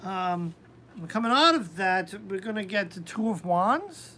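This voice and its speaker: A woman hosting a live-stream tarot reading, talking hesitantly with many pauses and ums. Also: medium pitch, very animated, a bit bright, a little hiss or hum.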